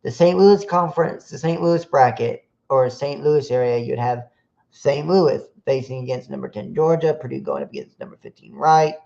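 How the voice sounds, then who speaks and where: Gravelly man rattling off basketball matchups. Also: mid-range voice, moderate pace, mellow. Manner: rattles off matchups with fillers and restarts. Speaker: podcast host. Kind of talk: solo sports podcast stream. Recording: dull lo-fi sound.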